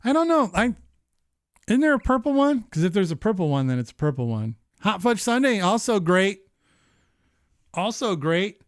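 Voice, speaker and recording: A man in his thirties hosting a live-streamed show, chatting casually in an animated, profane, rambling way. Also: sits high, moderate pace, pauses often, no room sound, clean studio sound. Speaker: livestream show host.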